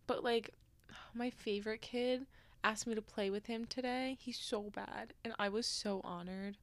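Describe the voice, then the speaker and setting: A young woman co-hosting a casual podcast, telling animated stories with plenty of laughter. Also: on the high side, measured pace, no room sound. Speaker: podcast co-host. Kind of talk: casual chat. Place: small home studio room.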